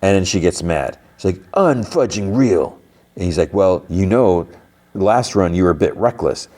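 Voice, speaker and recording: Podcast host, male, low voice, loose chatty recap full of "like" and softened cuss words. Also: normal speed. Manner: rambling, heavy use of "like", swaps in mild stand-in swear words. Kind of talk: casual episode recap.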